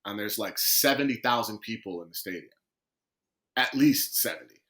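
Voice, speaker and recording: Male podcast guest with a bright, forceful voice, animated storyteller who acts out what people said. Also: lowish voice, normal speed. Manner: lively storyteller, acts out quoted conversations. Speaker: guest, professional footballer.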